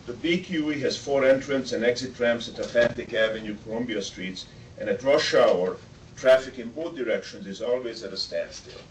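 A man reading a measured, detailed statement as a public commenter at a board meeting. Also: mid-range voice. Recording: distant mic, faint room noise.

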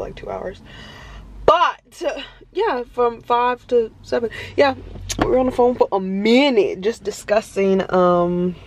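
A woman's voice: mid-range voice, a little hiss or hum. A woman in her early twenties chatting casually to her viewers, rambling with lots of fillers while filming herself on a phone inside a parked car. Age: early 20s. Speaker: vlogger. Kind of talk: casual vlog chat.

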